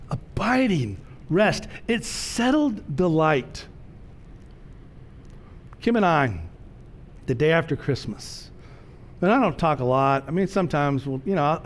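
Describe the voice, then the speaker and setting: A middle-aged man preaching a sermon in a conversational, storytelling way, slowing down to stress key words. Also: medium pitch, darkish tone, slight background noise. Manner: conversational, storytelling preacher with slow emphatic phrases. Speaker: pastor.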